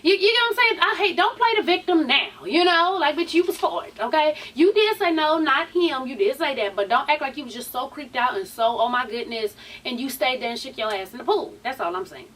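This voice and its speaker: High-voiced woman, a sassy chatty vlog host, a little off-mic. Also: lively intonation, brisk, hardly any pauses, fairly bright tone, distant mic. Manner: chatty and sassy, swears freely, says "honey" and "sweeties" a lot. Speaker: YouTube TV show recap host. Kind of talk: casual reality TV recap vlog.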